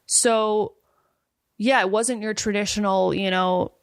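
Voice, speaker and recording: A woman's voice: medium pitch, takes it slowly, clear, resonant tone, no echo, studio quality. A woman guest in a casual chat, telling a story with lots of "like" and acting out what people said. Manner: animated storyteller, acts out quoted dialogue, fills with "like".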